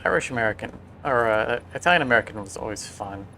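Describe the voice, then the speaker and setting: A man streams a building game, chatting casually and telling rambling stories full of restarts. His mid-range voice is fast, lively in intonation, and pushed and bright, with slight background noise.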